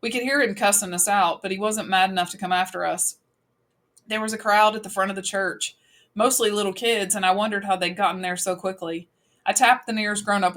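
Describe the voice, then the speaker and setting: Woman audiobook narrator, brisk first-person storytelling. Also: mid-range voice, fairly even intonation, a bit bright. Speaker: audiobook reader.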